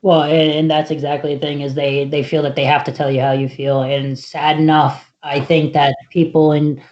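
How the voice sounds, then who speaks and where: A co-host of a casual political talk show who speaks in a measured, thoughtful way with fillers. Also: mid-range voice, little pitch movement, a little mellow, muffled recording.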